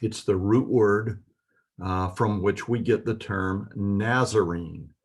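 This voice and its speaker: A man's voice: lowish voice, takes it slowly, slightly rough. A man teaching a Biblical Hebrew lesson, explaining letters methodically with occasional fillers. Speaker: Bible language teacher.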